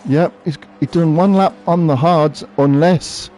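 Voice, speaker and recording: A man's voice: on the high side, a little slow, darkish tone. A man giving live, chatty commentary on a sim-racing event, thinking aloud as he watches. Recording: faint background noise.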